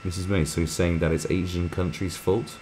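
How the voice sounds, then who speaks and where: A man's voice: deep voice, level tone, a little fast, warm tone, a little hiss or hum. A man hosting a live stream, reading viewer comments aloud and mocking them in a crude, sarcastic way.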